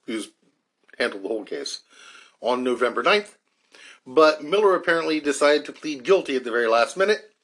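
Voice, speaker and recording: A man at an ordinary middle pitch explains a court case, reading out legal documents between his own remarks. He often restarts his sentences and fills pauses with short sounds. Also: a bit bright. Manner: reads from court documents with frequent restarts and fillers. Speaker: podcast host.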